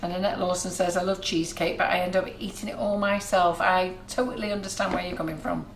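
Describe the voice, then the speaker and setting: A woman co-hosts a live baking stream, reading viewers' comments aloud in a chatty, conversational way. The kitchen around her is echoey. Kitchenware clatters clearly behind her. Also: lowish voice, fairly even intonation, fast talker, background noise. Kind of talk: live cooking show chat. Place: shop's demo kitchen.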